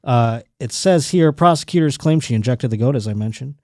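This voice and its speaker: A man's voice: medium pitch, lively intonation, brisk, a little mellow. A man hosting a podcast in casual chat, profane, joking and rambling. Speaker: podcast host.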